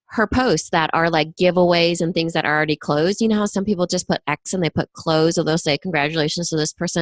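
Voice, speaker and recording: A woman's voice: fairly low pitch, fairly bright tone, no room sound. Playful woman podcast co-host. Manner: upbeat, playful, laughs easily. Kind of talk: casual business advice chat.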